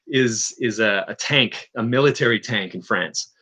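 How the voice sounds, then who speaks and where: Man from Newfoundland, casual stream chat, bright forward tone, halting and rambling delivery. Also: on the low side, breathy edge. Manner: rambling, halting, with frequent restarts and chuckles.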